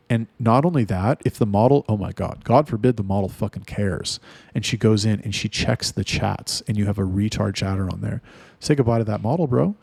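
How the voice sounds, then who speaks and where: A man's voice: on the low side, creaky, darkish tone, no room sound. A man ranting in a casual, blunt and heavily profane monologue. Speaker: talk host.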